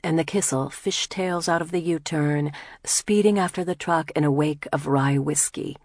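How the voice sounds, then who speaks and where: A woman reading a novel aloud as an audiobook narrator, in a measured, soft, steady way. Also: deep voice, dry recording, clean studio sound. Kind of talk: scripted narration.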